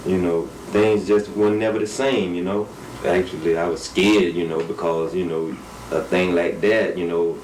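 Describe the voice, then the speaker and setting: A man's voice: low voice, a little mellow. A man recalling a frightening time, peppering his talk with "you know". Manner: says "you know" constantly. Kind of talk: interview. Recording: roomy, distant, noisy.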